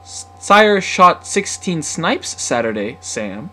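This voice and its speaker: A man's voice: on the high side, very animated, slow pace, pushed and bright, voice pushed up, heavily acted. Man playing a sweet sensible young woman, light chatty tone, storybook reading. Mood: sociable.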